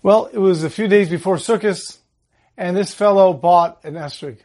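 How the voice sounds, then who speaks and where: A man giving a holiday Torah talk, telling a story in a calm way and slowing down on the Hebrew verses. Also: high-pitched.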